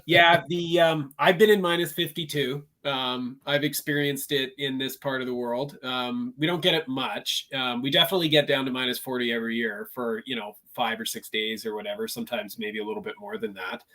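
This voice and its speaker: A man from Vancouver with a Canadian accent, chatting casually as a podcast host and getting excitedly louder when amused. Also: mid-range voice, brisk, few pauses. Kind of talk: casual chat.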